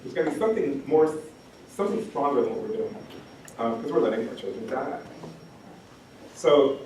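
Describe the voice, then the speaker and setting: A man's voice: medium pitch, animated, normal speed, a little mellow. Impassioned man in a very echoey hall. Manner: impassioned, repeats phrases for emphasis, many ums. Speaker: education scholar giving a talk. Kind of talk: lecture talk. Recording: very echoey hall, distant mic, faint noise.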